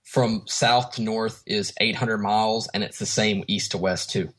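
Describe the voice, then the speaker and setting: A man's voice: fairly low pitch, fairly even intonation, unhurried, fairly bright tone. A man from Texas with a Southern accent, guest on a podcast, easygoing with many hesitations. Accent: Southern US, Texan. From Houston, Texas. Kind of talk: casual interview chat.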